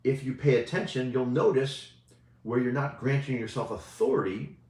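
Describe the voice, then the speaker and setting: A man's voice: mid-range voice, normal speed, darkish tone. A male coach giving a casual motivational talk, talking conversationally and often asking "right?" as he goes. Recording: roomy echo.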